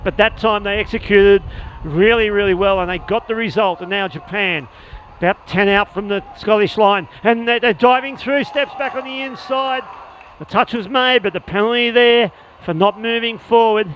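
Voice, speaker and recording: A man calling live play-by-play at a sports match, rapid and excitable when a score comes. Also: high voice, a little hiss or hum, low-quality recording. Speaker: play-by-play commentator. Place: outdoor sports venue.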